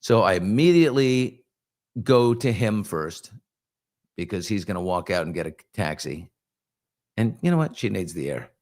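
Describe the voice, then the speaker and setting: A middle-aged man hosting a casual live morning chat, telling lively stories and answering viewer comments. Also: low voice, moderate pace. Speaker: host.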